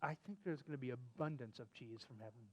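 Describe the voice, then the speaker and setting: A man reading a children's book aloud to a puppet, animated and encouraging, laughing often. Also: mid-range voice, fast talker, dry recording, lo-fi sound. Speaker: storybook reader.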